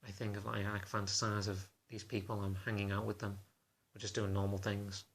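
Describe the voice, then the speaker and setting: A man talking to camera in a confessional vlog, halting and self-conscious in a subdued, low-key way. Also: flat delivery, a little hiss or hum. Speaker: vlogger.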